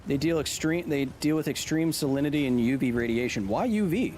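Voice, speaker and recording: A man's voice: medium pitch, fairly quick, background noise. A man hosting a live game stream, joking around and chatting with viewers as he plays. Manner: playful, jokey, chatting with viewers. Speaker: gaming streamer and host.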